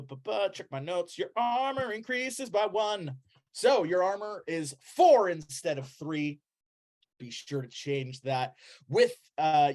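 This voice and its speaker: A playful, excitable game master narrating a comedic tabletop game. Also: mid-range voice.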